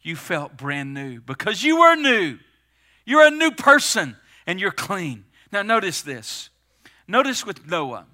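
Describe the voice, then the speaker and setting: A middle-aged man preaching a sermon as pastor, stressing words with slowed, emphatic pauses. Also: sits high, sing-song, sharp tone.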